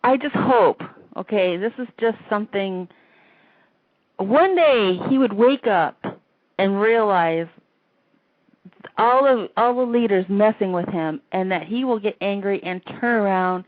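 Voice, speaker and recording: A woman's voice: medium pitch, unhurried, no echo. A woman hosting an internet call-in radio show, ranting emotionally and rambling, laughing often between thoughts. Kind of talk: casual call-in show rant. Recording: tinny phone-like line.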